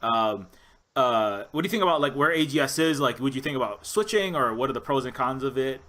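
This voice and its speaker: Bright-voiced rambling male podcast host. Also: mid-range voice, lively intonation, a little fast. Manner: rambling, lots of "you know" and restarts. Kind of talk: casual interview chat.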